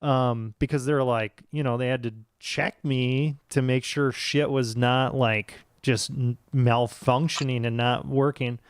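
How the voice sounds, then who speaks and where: A man's voice: medium pitch, level tone, unhurried, hardly any pauses, clear, resonant tone, dry recording. An American man in his thirties co-hosting a podcast, telling rambling stories with lots of swearing. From United States. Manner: profane, rambling storyteller. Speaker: podcast co-host. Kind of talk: casual chat.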